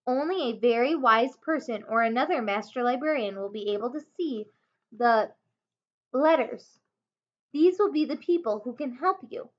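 A woman voicing a wise, calm enchantress in a children's story, soft and soothing. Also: a little high, normal speed. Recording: dull lo-fi home recording.

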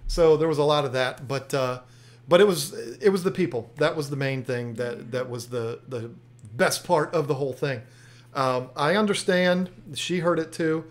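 A man's voice: fairly high pitch, normal speed. A man hosting an aquarium channel, telling a story in casual chat, often restarting and repeating himself.

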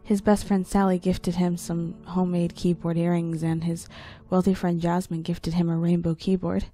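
A woman narrating a creepy audiobook story in a low, gravelly storytelling voice. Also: little pitch movement, moderate pace, warm tone. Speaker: story reader.

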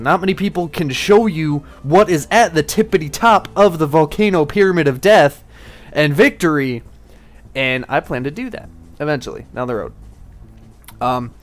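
A man casually commenting on his gameplay, rambling and excitable, swearing at enemies. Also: a little high. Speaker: gaming channel host. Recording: faint game music behind. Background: game music.

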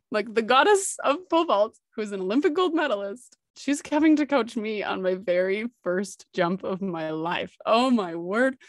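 A woman hosting a podcast, telling a personal story in an excitable, gushing, animated way. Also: mid-range voice, no echo, clean studio sound. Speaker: podcast host.

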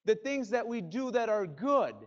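A male pastor preaching a sermon in a church, dramatic, swinging from loud bursts to hushed drops. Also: high-pitched, animated, moderate pace, dull audio. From Spanish-speaking background. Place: church sanctuary.

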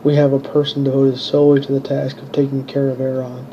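A man reading the lines of a loyal young knight in his own flat voice, with little change. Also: mid-range voice, fast talker, muffled recording, a little hiss or hum, lightly acted. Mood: worried. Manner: plain, barely changed reading voice.

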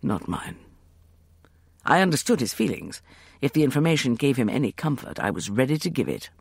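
A man narrating an audiobook novel in a measured storytelling manner, close to the microphone. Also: medium pitch, sing-song, creaky, slightly rough, no echo.

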